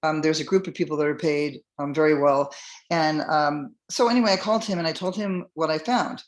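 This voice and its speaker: A woman's voice: sits low, a little fast. A middle-aged woman hosting a podcast, telling a personal story in a loose, rambling way, full of fillers and restarts and acting out what others said. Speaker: podcast host. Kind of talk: casual first-person storytelling.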